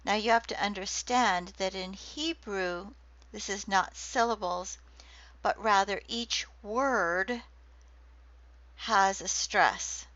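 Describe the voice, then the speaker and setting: A woman giving a recorded lecture on poetry, speaking deliberately and reading quoted verse slowly. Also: mid-range voice, fairly bright tone, no echo. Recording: dull lo-fi dry recording.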